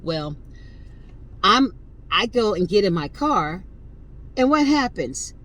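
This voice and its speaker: Over a rough recording, a woman in her 50s hosts a podcast at a slow pace and medium pitch. She's animated and emphatic, telling her story casually and addressing listeners directly.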